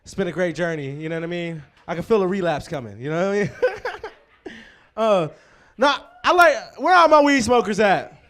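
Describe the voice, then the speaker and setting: A man's voice: high-pitched, animated, moderate pace, long pauses, a bit bright. A man hosting a live comedy show, telling loose, profane stories and working the crowd. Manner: loose, profane, rambling storytelling with crowd work.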